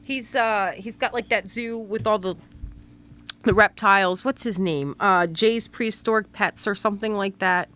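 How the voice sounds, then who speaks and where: A woman co-hosting a podcast in casual chat, giggly and quick to exclaim. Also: mid-range voice, fairly bright tone. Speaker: podcast co-host.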